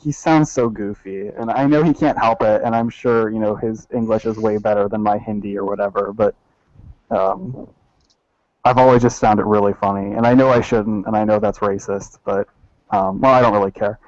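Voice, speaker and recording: A man with a fairly low voice, chatting casually and loosely, leaning on filler words. His audio is dry and muffled, like a lo-fi call. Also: steady tone, moderate pace, darkish tone, no room sound. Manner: loose, filler-heavy talk. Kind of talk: casual debate chat.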